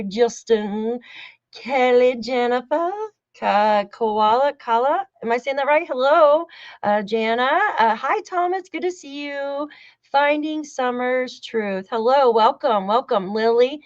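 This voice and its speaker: A woman's voice: fairly high pitch, measured pace, no echo, lo-fi sound. A woman hosting a true-crime livestream in casual chat, cheerfully greeting and thanking viewers one by one.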